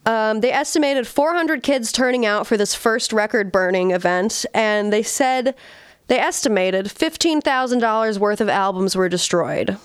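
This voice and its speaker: A woman's voice: fairly high pitch, normal speed, smooth, no echo, clean studio sound. A woman co-hosting a podcast, telling a story in a casual, profane, chatty way. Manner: relaxed, profane, laughing asides. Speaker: podcast co-host.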